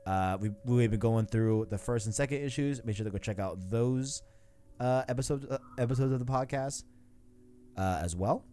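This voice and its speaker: A man with a mid-range, warm voice speaks at normal speed. He hosts a casual podcast and reads a comic aloud, rambling with many fillers, poking fun at himself and laughing often.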